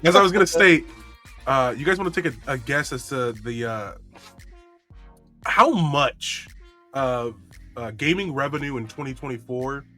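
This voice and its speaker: A man co-hosting a laid-back gaming podcast, talking in casual, excitable bursts full of "uh" and "um". His voice is bright and forceful, sitting in an ordinary male range. Soft music runs faintly underneath. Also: mid-range voice, measured pace, long pauses. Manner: excitable, interrupts with trivia, many fillers. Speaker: podcast co-host. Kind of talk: casual chat.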